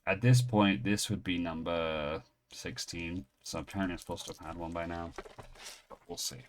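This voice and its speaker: Low-voiced guy rambling on while opening card packs, chatty, pokes fun at himself. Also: fairly even intonation, normal speed, noisy background. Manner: chatty, rambling, self-deprecating asides. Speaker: card-opening channel host.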